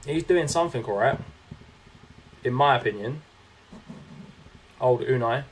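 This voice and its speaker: A man's voice: mid-range voice, lively intonation, a little slow, slight background noise. Young man, casual game streamer, chatty, reacts to play and chat.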